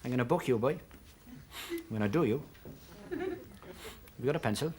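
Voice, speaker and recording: A man's voice: mid-range voice, lively intonation, normal speed, very noisy, close to an everyday voice. A man voicing a keen male Welsh village policeman with a Welsh accent, officious and sing-song. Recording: 1970s TV studio with audience.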